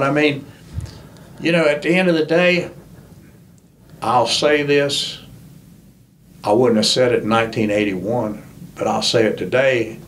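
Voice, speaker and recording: An older man, telling animated, folksy stories as a guest in a podcast interview. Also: medium pitch, a little hiss or hum. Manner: folksy, animated storyteller who acts out quoted voices. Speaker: interview guest, former crew chief.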